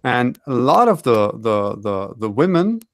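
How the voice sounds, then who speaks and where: Gravelly-voiced man chatting on a panel. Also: medium pitch, sing-song, unhurried. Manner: rambling, self-correcting, wry asides. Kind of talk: casual online panel chat.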